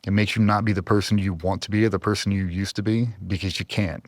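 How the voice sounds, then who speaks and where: A man's voice: fairly low pitch, level tone, fast, dry recording. A man in his forties, a former special operator, talking earnestly and with strong emotion in an interview, close to tears at times. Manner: earnest, emotional, trying not to cry. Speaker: podcast guest, former Navy SEAL.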